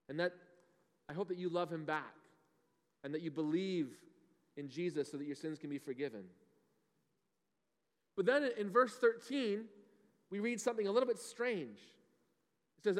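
A man in his thirties giving a lively children's sermon, often asking the kids questions. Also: high-pitched. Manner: animated, asks the kids questions. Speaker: children's pastor. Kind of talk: kids' sermon. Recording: long hall reverb.

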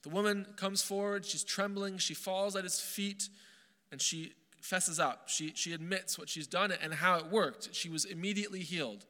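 A man preaching a sermon as pastor, earnest and emphatic, slowing down on key phrases and often restarting his words. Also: high-pitched, bright, forceful tone, big-room sound.

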